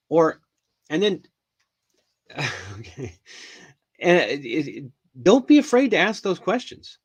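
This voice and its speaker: A man's voice: high voice, sing-song, slow, long pauses, breathy edge. A middle-aged man hosting a live English lesson, talking in a chatty, rambling way with frequent ums and restarts. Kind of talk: casual live-stream lesson.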